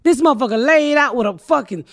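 A middle-aged woman hosting a podcast, loud and profane, telling stories in casual chat. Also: high-pitched, fast, no echo. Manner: loud, profane, animated storytelling. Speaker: podcast host.

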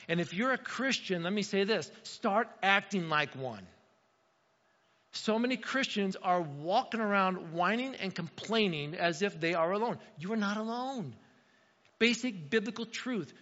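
A man's voice: high-pitched, a bit bright. A man preaching a sermon as pastor, emphatic, repeating key lines for stress. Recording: dull sound in a long-reverb hall.

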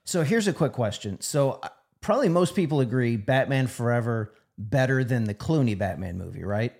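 A man's voice: mid-range voice, expressive, moderate pace, creaky, a little mellow. A man chatting casually about movies, asking questions and pushing back.

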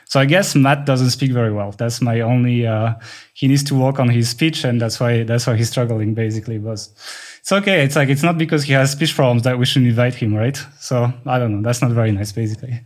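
Fast-talking Frenchman explaining things. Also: medium pitch. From France. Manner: rapid talker who explains at length. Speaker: podcast co-host. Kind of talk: casual podcast chat.

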